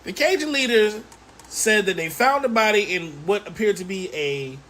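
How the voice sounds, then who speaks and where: A woman's voice: mid-range voice, normal speed. A woman giving true-crime commentary, questioning and sarcastic in her delivery. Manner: animated, rhetorical questioning, sarcastic.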